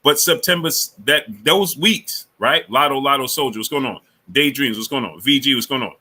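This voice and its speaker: A man's voice: mid-range voice, moderate pace, bright, forceful tone, slightly rough. A man hosting a live boxing stream, lecturing a viewer, repeating himself and greeting chatters by name. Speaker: boxing channel host.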